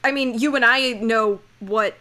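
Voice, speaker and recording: A woman's voice: fairly high pitch, a little slow, sharp tone. A young woman co-hosting a casual podcast, reacting eagerly and jumping in with questions. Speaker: podcast co-host.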